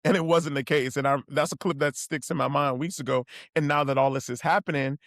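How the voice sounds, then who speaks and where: A man co-hosting a podcast, chatting casually and with energy. His voice is a little high and gravelly, with fry at the ends of phrases, and the sound is dry and close. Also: brisk, no room sound. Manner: animated, quotes people in raised voice. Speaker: podcast co-host. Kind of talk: casual recap chat.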